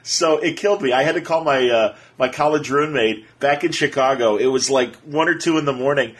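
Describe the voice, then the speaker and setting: A man hosting a podcast, telling stories in a casual, animated way with lots of fillers. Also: mid-range voice, a little fast. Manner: animated, excitable storyteller with many fillers. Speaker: podcast host.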